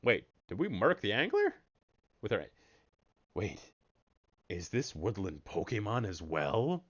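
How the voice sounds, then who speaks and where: A man giving casual, jokey commentary while streaming a card game, breaking into sudden high excited yelps. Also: takes it slowly, highs cut off.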